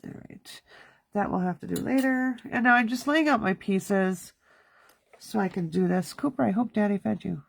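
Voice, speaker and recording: A woman's voice: medium pitch, normal speed, creaky. A woman in her thirties hosting a casual crafting livestream from her home studio, chatting and talking to herself as she works. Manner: chatty, talks to herself while working. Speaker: card-making livestream host.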